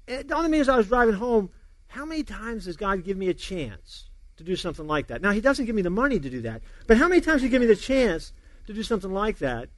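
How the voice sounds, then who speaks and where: A man's voice: sits high, dry recording. A middle-aged man, a pastor, giving a sermon and telling a funny personal story, acting out the dialogue and laughing along.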